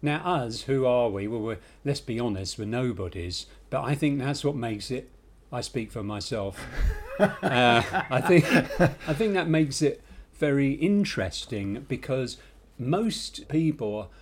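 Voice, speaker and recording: A middle-aged man from North London with a London accent, co-hosting a podcast in animated, rambling, self-deprecating chat. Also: mid-range voice, measured pace. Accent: London English. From North London, England. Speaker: podcast co-host. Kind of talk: casual chat.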